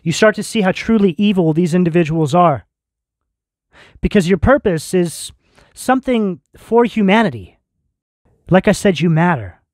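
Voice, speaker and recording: Male tarot reader, earnest and reassuring spiritual delivery, higher-pitched voice. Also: moderate pace, long pauses, a little mellow, dry recording, studio quality. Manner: earnest, reassuring direct address with spiritual terms. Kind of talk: tarot reading addressed to viewers.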